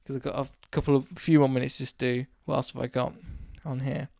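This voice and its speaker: A man from England, hosting a casual solo podcast and telling a rambling story while his voice is going hoarse. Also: mid-range voice, quick pace, dry recording, clean studio sound. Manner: rambling, animated anecdote with acted quotes. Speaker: podcast host.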